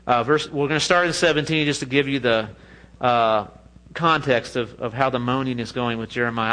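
A man preaching a sermon in a lively, joking way, often laughing at his own asides. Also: mid-range voice, brisk, poor audio. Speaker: pastor.

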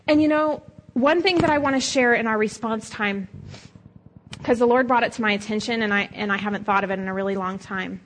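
A woman's voice: mid-range voice, fairly bright tone, slight background noise, rough recording. A middle-aged woman pastor preaching a sermon in a conversational, storytelling way, acting out quoted voices.

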